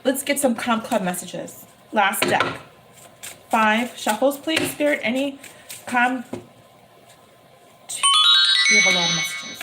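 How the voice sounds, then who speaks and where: A woman giving a live-streamed tarot reading, talking emphatically and repeating her phrases with excitement. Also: fairly high pitch, slow pace, long pauses, over music. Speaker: tarot reader.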